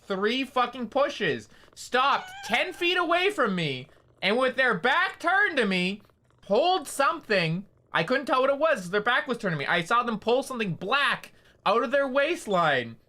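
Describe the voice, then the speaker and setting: Brief: male streamer, bright tone, loose profane storytelling. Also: very high-pitched, big pitch swings, unhurried. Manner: rambling, profane, filler-heavy storytelling. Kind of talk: casual stream chat.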